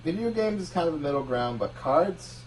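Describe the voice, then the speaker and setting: A man's voice: fairly high pitch, animated, brisk, recorded from a distance, rough recording. Blunt sweary man, off-mic. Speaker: podcast co-host. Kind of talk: casual chat.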